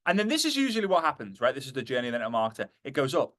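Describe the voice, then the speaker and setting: A man giving a motivational talk to a live audience, animated and jokey, slipping into acted voices. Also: medium pitch, racing, dry recording. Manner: animated, acts out quoted voices, jokey asides. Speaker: motivational speaker.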